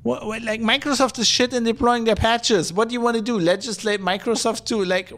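A man's voice: extremely high pitch, fairly even intonation, a little fast, hardly any pauses, a bit bright, slight background noise. A man hosting a podcast, ranting in exasperated, profane bursts full of restarts and fillers. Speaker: podcast host.

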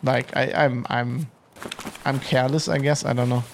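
Male co-host, gravelly, halting chatter with restarts, faint noise in the background. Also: mid-range voice, flat delivery. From Germany. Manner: rambling, halting, lots of fillers and restarts. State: out of breath. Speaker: podcast co-host. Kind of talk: casual chat. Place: outdoors at an industrial park.

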